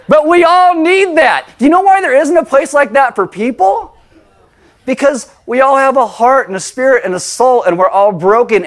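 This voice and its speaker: Animated male pastor preaching a sermon. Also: high voice. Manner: storytelling with animated acted-out voices.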